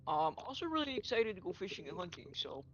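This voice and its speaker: A woman's voice: medium pitch, very animated, fast, a bit bright, dull audio. A woman player speaking in character in a tabletop game, friendly and casual with some hesitation.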